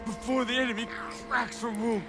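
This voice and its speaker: A man playing a frightened high-voiced survivor. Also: steady tone, moderate pace, a bit bright, soft background music. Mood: urgent.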